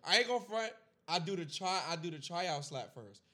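A man's voice: high voice, lively intonation, fairly quick, sharp tone. A young man co-hosting a podcast in casual chat, teasing his partner and laughing often. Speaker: podcast co-host.

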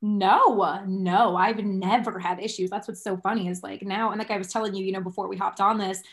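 A woman's voice: mid-range voice, fairly even intonation, fairly quick. A woman fitness instructor chatting as a podcast guest, bubbly and self-mocking, her voice congested from allergies. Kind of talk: casual chat.

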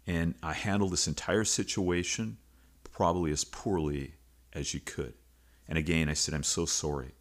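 A man's voice: deep voice, fairly even intonation, normal speed. A middle-aged man, a teacher and coach, hosting a podcast and telling a personal story in an earnest, confessional way.

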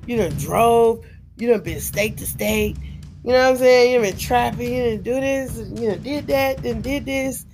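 A woman's voice: a little high, normal speed, darkish tone, slight background noise, pitched above the performer's own voice, close to an everyday voice. A woman voicing her own worn-out body as a sassy woman who scolds her in a rhythmic, repeating list. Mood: scolding.

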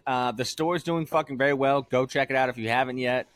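A man's voice: medium pitch, fairly even intonation, a little fast, a bit bright, no echo. A young man co-hosting a casual podcast, loose, joking and swearing freely. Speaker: podcast co-host.

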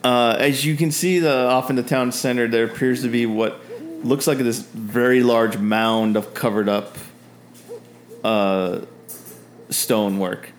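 A man's voice: mid-range voice, steady tone, a little slow. A man narrating as game master of a tabletop game, rambling with frequent fillers.

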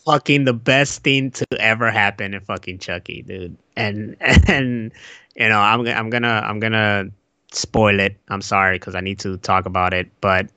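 Young guy gabbing about movies, lots of cussing, bright edgy voice, dry room. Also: normal speed, dry recording. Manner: excitable, swearing, jumps into high put-on voices when quoting. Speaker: podcast co-host. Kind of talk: casual chat.

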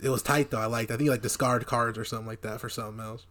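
A man's voice: mid-range voice, fairly even intonation, racing, a bit bright. Profane joking man recapping anime. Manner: profane, jokey, does mocking character voices. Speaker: podcast co-host. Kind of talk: casual crude anime recap chat.

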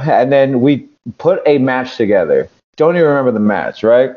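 A man from California tells a wrestling story in a casual, swearing, rambling way, slipping into the voices of the people he quotes. His pitch sits in the middle range. The recording sounds dull and lo-fi. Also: very animated, fairly quick, a little mellow. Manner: profane, rambling, acts out quotes. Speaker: podcast guest, pro wrestler.

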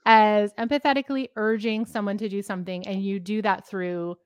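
A woman's voice: medium pitch, steady tone, a little fast, clean tone, dry recording, clean studio sound. A woman co-hosting a casual faith podcast, teaching with laughter and self-mockery. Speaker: podcast host.

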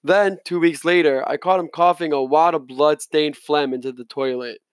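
A male reader narrating a novel in the first person, his voice sitting slightly high for a man. He reads plainly, now and then stumbling and restarting a word. The recording is dry and close. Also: steady tone, moderate pace, clean tone, dry recording. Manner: plain reading with occasional slips and restarts. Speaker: audiobook reader.

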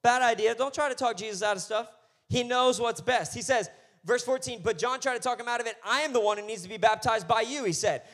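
A man preaching a sermon as pastor, swinging between quiet asides and loud, emphatic lines. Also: very high-pitched, a little fast.

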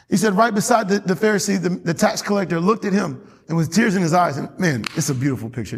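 Husky-voiced man preaching in a reverberant church. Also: high voice, quick pace. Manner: animated preaching with frequent laughs and rising emphasis. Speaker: pastor. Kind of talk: sermon. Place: church sanctuary. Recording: long hall reverb.

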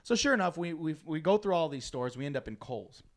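Animated, laughing male storyteller. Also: on the high side, a little fast. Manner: animated, laughs often, acts out friends' lines. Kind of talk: casual storytelling chat.

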